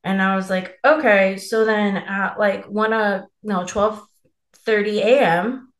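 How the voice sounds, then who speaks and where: A woman's voice: mid-range voice, steady tone, slow, roomy sound. A young woman co-hosting a podcast, telling a personal story in a candid, profane, laughing way. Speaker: podcast co-host. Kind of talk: casual storytelling chat.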